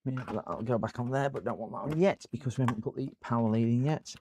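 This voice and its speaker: A man of middling pitch talks his viewers through a computer repair on a live stream, filling gaps with chat. His delivery is loose and rambling, with plenty of fillers as he works in his workshop. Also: quick pace, a little mellow, slight background noise. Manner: rambling, chatty, talks to viewers while working. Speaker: repair channel host.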